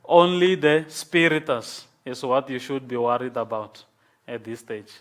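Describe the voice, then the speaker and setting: A man lecturing a class, explaining slowly and patiently and checking in with "okay?". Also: mid-range voice, fairly bright tone.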